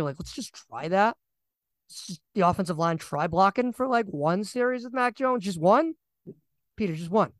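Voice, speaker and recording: Ranting young man, slightly high, dry sound. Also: no room sound. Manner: animated, ranting, repeats himself. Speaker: podcast co-host. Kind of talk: casual sports chat.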